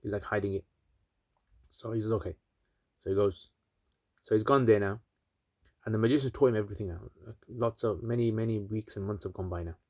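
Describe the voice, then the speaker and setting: A man's voice: lowish voice, brisk, pauses often, mellow, dry recording, studio quality. Chatty man retelling a story. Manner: chatty, filler-heavy, asides to listeners. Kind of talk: casual religious storytelling.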